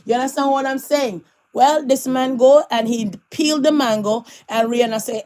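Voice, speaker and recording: A woman's voice: sits high, fairly even intonation, moderate pace, hardly any pauses, dark tone. A woman giving sassy celebrity gossip commentary as a vlogger, laughing often between her remarks.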